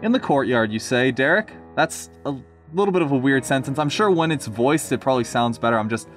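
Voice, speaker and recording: A man's voice: medium pitch, animated, a little fast, a bit bright, faint music behind. Chatty man reading a story aloud. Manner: casual, chatty asides. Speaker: story reader and reviewer. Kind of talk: storybook narration with commentary.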